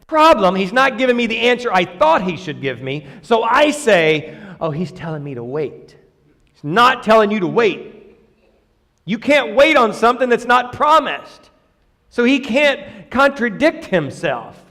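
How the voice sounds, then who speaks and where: A man preaching a sermon in a church, talking in a lively, conversational way and joking with the congregation. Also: very high voice, unhurried, long reverb tail. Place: church sanctuary.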